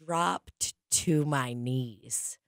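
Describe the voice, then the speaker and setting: A woman's voice: a bass voice, very slow, vocal fry, dry recording, studio quality. Chatty, foul-mouthed woman telling a story. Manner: chatty, profane, peppered with "like". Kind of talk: casual comic storytelling.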